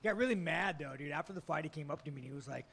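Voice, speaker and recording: A fighter answering reporters at a press conference, brash and joking, swearing constantly. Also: male voice, fairly high pitch, very fast, creaky, a bit bright, breathy edge. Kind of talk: profane casual press talk.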